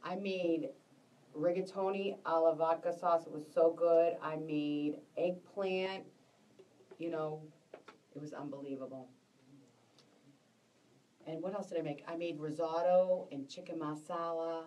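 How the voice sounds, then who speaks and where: A woman's voice: low-pitched, steady tone, unhurried, pauses often, warm tone, recorded from a distance, rough recording. A woman hosting a casual live stream, chatting and greeting viewers by name in a bubbly way.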